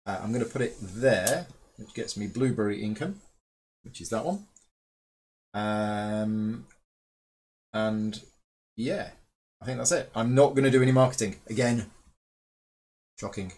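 A man's voice: on the low side, a little slow, long pauses, darkish tone, husky. A man hosting a board game playthrough, patiently explaining the rules and his own moves to the other players. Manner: patient, guiding other players through actions.

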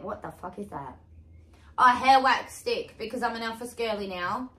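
A young woman in her twenties chatting casually through a haul unboxing, excitable, exclaiming and swearing freely. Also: medium pitch, normal speed. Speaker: vlogger. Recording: echoey room with faint hiss.

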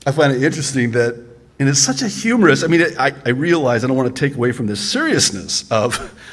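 A man's voice: medium pitch, lively intonation, fast. A male pastor preaching a sermon in a conversational, humorous way, often restarting his sentences with a stammer.

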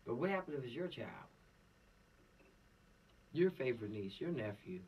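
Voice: medium pitch, animated, normal speed, far from the mic, dull audio, slight background noise. A law course instructor giving an informal, preachy lecture with streetwise slang.

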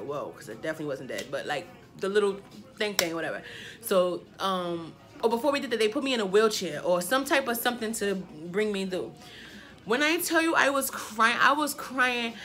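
A young woman in her twenties spins a storytime for her viewers in a loose, chatty way. She tells it dramatically, padding it with filler phrases, in a voice of ordinary middle pitch. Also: a bit bright. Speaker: vlogger. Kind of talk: casual storytime chat.

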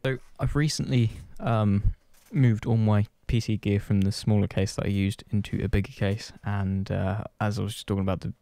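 A man's voice: lowish voice, steady tone, normal speed, vocal fry, few pauses, mellow, dry recording. A man chatting casually to his channel's viewers, rambling and self-deprecating, swearing offhand. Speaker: gaming channel host. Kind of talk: casual chat to camera.

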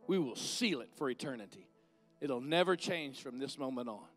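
A man's voice: medium pitch, lively intonation, normal speed, faint music behind. A middle-aged man, preaching a conversational sermon and leading an altar call. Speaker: guest minister.

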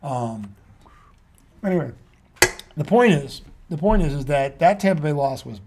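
High-pitched, animated ranting man. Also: measured pace, background noise. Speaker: sports talk show host. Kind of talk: casual sports talk.

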